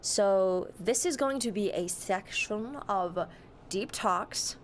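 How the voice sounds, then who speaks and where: A woman's voice: mid-range voice, slow, slight background noise. A young woman streamer chatting casually, greeting and answering her chat with a giggly, easygoing manner.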